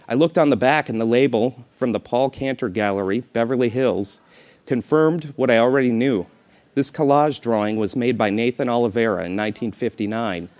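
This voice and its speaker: A man's voice: medium pitch, darkish tone. A man reading a memoir aloud in a dry, wry manner, breaking off now and then for playful off-the-cuff remarks.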